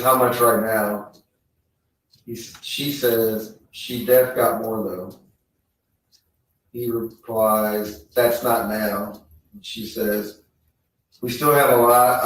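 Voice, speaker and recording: A man testifying in court, reading text messages aloud in a flat, halting way. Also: on the low side. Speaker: trial witness reading messages. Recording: echoey courtroom audio from far off.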